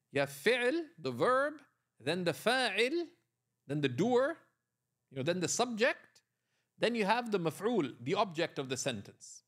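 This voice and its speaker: A man lectures on Arabic grammar in a fairly high voice with lively, swooping intonation. He walks through each point step by step and keeps checking in with his students, asking "right?" and quizzing them as he goes. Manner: frequent checking tags like "right?". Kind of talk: classroom lecture.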